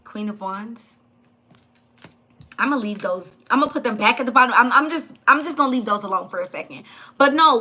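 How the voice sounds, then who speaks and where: High, bright-voiced woman reading tarot. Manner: chatty, blunt, laughs at her live chat. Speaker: tarot reader.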